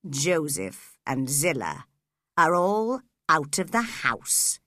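Woman voicing storybook villain, male, low and cold, quiet menace, slow. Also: sing-song, no room sound, studio quality, full character voice. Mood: cold, menacing. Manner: low, quiet and controlled, flaring into shouts. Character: cruel scheming man, cold and menacing.

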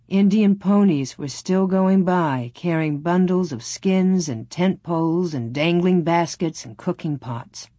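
A woman calmly reading a storybook aloud in a measured narrating voice. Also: on the low side, breathy edge, no room sound, studio quality. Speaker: audiobook narrator.

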